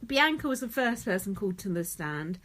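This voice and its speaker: A woman's voice: medium pitch, sing-song, fairly quick, a bit bright. A young British woman hosting a casual chat podcast, sweary and mocking, laughing often. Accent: British English. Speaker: podcast host.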